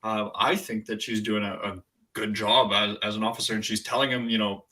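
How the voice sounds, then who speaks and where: A man with a bright, forward voice lays out his take step by step in a casual review chat. He speaks in a measured way, with some fillers. He sounds thoughtful and steady. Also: fairly low pitch. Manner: measured, analytical, explains his points. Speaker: podcast co-host.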